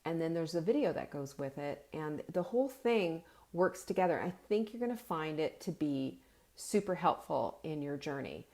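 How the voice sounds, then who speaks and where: Woman host, casual live-stream chat, lowish voice, animated, lots of restarts. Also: normal speed. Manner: chatty and animated, with frequent restarts and self-corrections; breaks into laughter. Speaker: host of a nutrition and cooking show.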